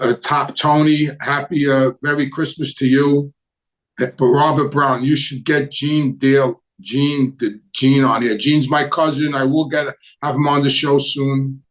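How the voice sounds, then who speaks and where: A man's voice: medium pitch, low-quality recording. A middle-aged man, hosting a casual live stream from his home, telling stories and answering viewer questions in a blunt, rambling way that repeats words. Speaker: host. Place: home with a Christmas tree.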